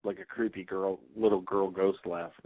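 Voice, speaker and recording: A man's voice: low-pitched, fairly even intonation, moderate pace, darkish tone, no echo, low-quality recording. A man, a paranormal investigator, chatting casually on a radio show, rambling with many fillers and restarts.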